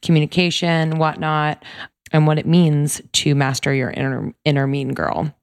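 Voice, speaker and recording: Low-voiced chatty woman podcast host. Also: level tone, moderate pace, clean tone, no echo. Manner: chatty, laughs often. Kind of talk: casual chat.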